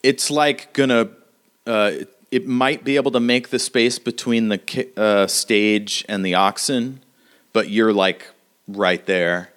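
A man narrating a tabletop game as game master, unhurried and hesitant, filling pauses with "uh". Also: lowish voice, steady tone, fairly bright tone, smooth.

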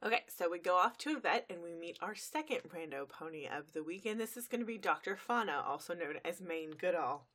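Woman co-host, lower register, easygoing run-on storytelling. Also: animated, a little fast, few pauses, a bit bright. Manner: recaps plot in long run-on narration with fillers. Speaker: podcast co-host recapping an episode. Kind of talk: casual chat.

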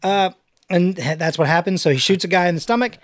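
A man's voice: high voice, a bit bright, no echo, clean studio sound. A young man hosting a podcast in a casual way, reading his own recap notes and adding chatty asides. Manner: chatty, quick asides, plays voices for laughs. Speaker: podcast host. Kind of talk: casual chat and script read-through.

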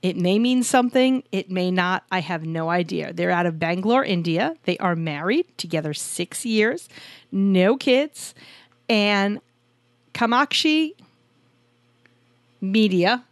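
A woman's voice: lowish voice, expressive, unhurried, no room sound. A woman co-hosting a podcast about couples in business, chatty and self-deprecating, joking as she introduces guests. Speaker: podcast co-host. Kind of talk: casual podcast chat. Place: home studio in Arizona.

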